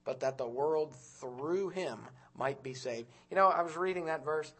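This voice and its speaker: A man preaching a sermon, swinging from loud urgent calls to quiet hushed storytelling and often repeating words as he goes. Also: a little high, a little slow, few pauses, husky.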